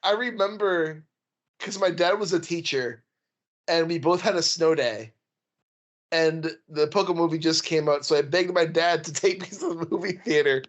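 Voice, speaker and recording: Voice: mid-range voice, moderate pace. A podcast co-host chatting casually, laid-back and rambling, laughing often. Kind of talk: casual chat.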